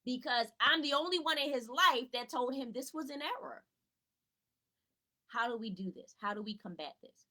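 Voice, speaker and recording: A woman with a high-pitched, bright, forceful voice speaks at a moderate pace, recorded with poor audio. She is a tutor and educator giving parents a casual live teaching talk from home, chatty in manner, greeting viewers by name and answering rhetorical questions she asks herself.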